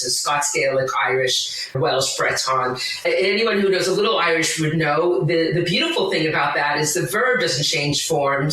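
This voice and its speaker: A woman's voice: sits low, sharp tone, very echoey, distant mic, rough recording. A woman guest talking enthusiastically, full of asides and tangents, in conversation. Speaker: podcast guest. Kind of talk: conversational explaining.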